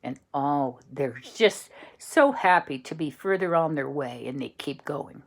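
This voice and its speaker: A woman telling an improvised bedtime story, slow and searching for words as she goes. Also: low voice.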